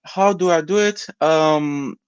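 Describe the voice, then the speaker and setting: A man with an Italian accent co-hosting a live stream over a video call, earnest and halting in his phrasing. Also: fairly high pitch, clean tone, no echo, highs cut off. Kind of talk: casual live stream chat.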